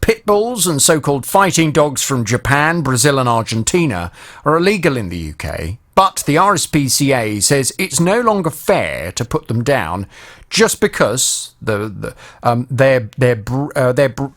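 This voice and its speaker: A man's voice: medium pitch, sing-song, moderate pace, a bit bright. A man hosting a radio phone-in show, talking directly to listeners in a conversational way.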